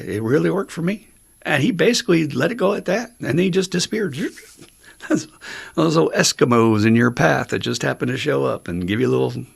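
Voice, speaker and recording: A man's voice: medium pitch, vocal fry, a bit bright. A man telling his own story to a recovery meeting, blunt, profane and self-mocking. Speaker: speaker sharing at a recovery meeting. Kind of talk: candid storytelling talk.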